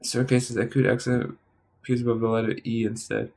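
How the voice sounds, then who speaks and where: A tired man studying on a stream, thinking aloud in a halting, muttering way and sounding out practice words. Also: mid-range voice, little pitch movement, creaky, darkish tone. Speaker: language learner streaming study.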